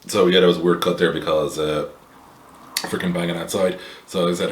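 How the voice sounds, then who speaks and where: A man's voice: sits low, steady tone, fairly quick, roomy sound. An Irish man hosting a casual beer review to camera, rambling and wry, with blunt opinions and plenty of fillers. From Ireland.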